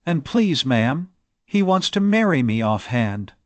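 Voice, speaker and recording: A man reading an audiobook, voicing an eager, bold young maidservant with rustic country speech and a quick, pleading manner. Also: mid-range voice, big pitch swings, dry recording, voice pushed up. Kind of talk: audiobook character voice.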